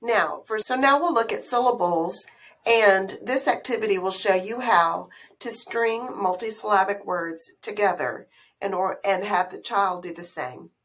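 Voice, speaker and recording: A woman's voice: mid-range voice, unhurried, fairly bright tone, rough recording. A woman teacher presenting slides, explaining the activities in a conversational way with small restarts.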